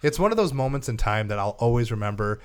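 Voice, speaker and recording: A man's voice: mid-range voice, animated, fast talker, clear, resonant tone. A man co-hosting a gaming podcast in casual chat, rambling and laughing often as he tells stories. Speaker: podcast co-host.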